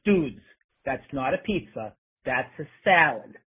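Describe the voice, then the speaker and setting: A man voicing a loud, brash Boston sports fan with a Boston accent, played like a phone voicemail. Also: medium pitch, lively intonation, a little slow, slightly rough, narrow, tinny audio. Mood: boisterous.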